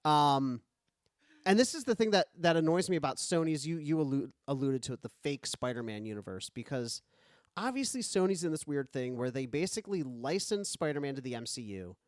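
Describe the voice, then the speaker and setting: A male podcast co-host with a fairly high voice that swings up and down in lively, animated chat. He rambles through his points with plenty of fillers, sounding close to the mic in a dry, dead room. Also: fairly quick, dry recording. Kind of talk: casual comedic chat.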